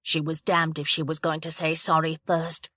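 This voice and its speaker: A woman reading a thriller audiobook aloud in a steady, measured narration. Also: sits low, no echo. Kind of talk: scripted narration of a thriller novel.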